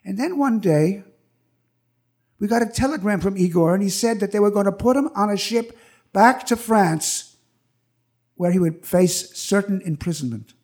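Older man, live stage storytelling, high-pitched voice, animated, acts out voices. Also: moderate pace, pauses often.

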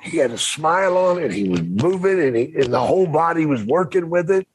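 A man's voice: fairly high pitch, very animated, fairly quick, a little hiss or hum. An older man chatting on a podcast, blunt and drawling, with salty language. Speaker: podcast guest, former wrestler. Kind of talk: casual chat.

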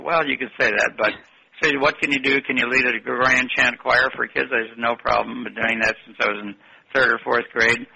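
A man's voice: medium pitch, vocal fry, pushed and bright, slightly rough, poor audio. An older man telling long, rambling stories in an interview and correcting himself as he goes. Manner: rambling, anecdotal, self-correcting. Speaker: guest. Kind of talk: interview storytelling.

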